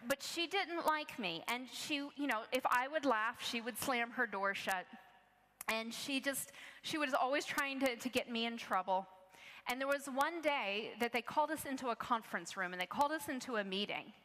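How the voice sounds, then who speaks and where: A woman's voice: on the high side, animated, moderate pace, pushed and bright. A woman preaching a sermon, telling a personal story in an earnest, conversational way with frequent restarts. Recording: long reverb of a large hall.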